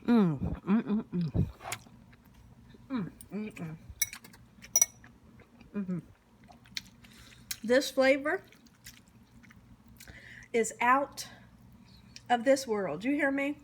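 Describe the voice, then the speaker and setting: A woman's voice: on the high side, lively intonation, very slow, long pauses, noisy background. A woman hosting a casual cooking vlog, tasting her dish on camera with lots of savoring hums and exclamations, talking straight to the viewers. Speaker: cooking channel host.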